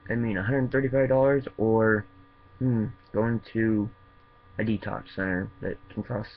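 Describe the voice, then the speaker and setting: A man speaking earnestly in a personal video diary, halting and full of fillers. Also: on the low side, muffled recording, a little hiss or hum. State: tearful, voice breaking. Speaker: vlogger in opiate recovery.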